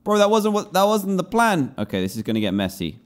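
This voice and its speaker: Animated man, lively pitch. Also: fairly quick. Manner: animated, scolds and pleads with game characters. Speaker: gaming video host. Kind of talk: gameplay commentary.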